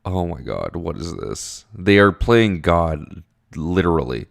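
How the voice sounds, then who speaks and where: Deep-voiced man reading and reacting. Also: sing-song, a little slow, vocal fry. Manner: profane, rambling, jumps high when surprised. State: tired early morning. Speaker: webcomic reader. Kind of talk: casual reading and commentary.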